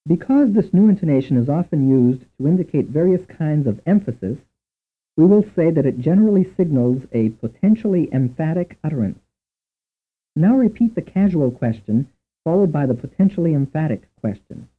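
A man narrating a language lesson in a measured, lecturing way. His voice moves animatedly up and down as he sets out each drill. The recording is thin and phone-like. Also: on the high side, animated, breathy edge. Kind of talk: scripted instructional narration. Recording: tinny narrow-band recording.

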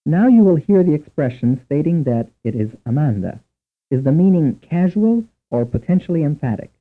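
A man narrating a language lesson in a measured, lecturing way. His voice moves animatedly up and down as he sets out each drill. The recording is thin and phone-like. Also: a little high, big pitch swings. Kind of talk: scripted instructional narration. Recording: tinny narrow-band recording.

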